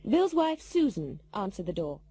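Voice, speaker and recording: A British woman narrating a textbook story in a clear, careful reading style. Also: mid-range voice, big pitch swings, normal speed.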